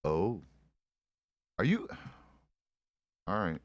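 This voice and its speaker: Middle-aged man, very low register, rambling profane role-play banter, dry sound. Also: big pitch swings, very slow, no echo. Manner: rambling and profane, with many restarts. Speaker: streamer playing a frontier deputy. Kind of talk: casual role-play chat.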